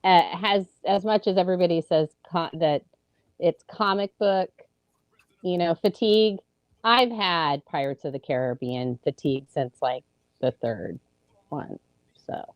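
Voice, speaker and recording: A woman's voice: lowish voice, a little slow, no echo. A woman, co-hosting a casual podcast in a chatty way. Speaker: podcast co-host. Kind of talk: casual chat.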